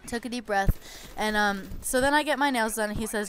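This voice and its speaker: A woman's voice: mid-range voice, brisk, a bit bright, slight background noise. A young woman casually telling a story over game footage, chatty and exasperated, with lots of "like".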